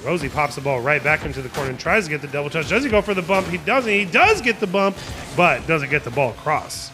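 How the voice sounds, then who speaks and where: A man's voice: a little high, big pitch swings, fast, music in the background. A man hosting a live online tournament, calling the plays and joking with chat in a playful, hype-driven way. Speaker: tournament host and caster. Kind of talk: live esports play-by-play commentary on a stream.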